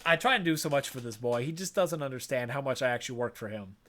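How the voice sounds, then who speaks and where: A man's voice: mid-range voice, quick pace, pushed and bright, voice pushed down, natural voice. A man doing a tired, self-pitying cop dad. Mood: weary. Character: weary divorced father, male cop.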